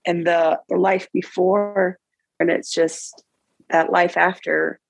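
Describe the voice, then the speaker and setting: A woman around forty, a guest in an interview, tells a personal story in an emotional, halting way with many restarts. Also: on the low side, flat delivery, gravelly, slightly rough, dry recording, rough recording.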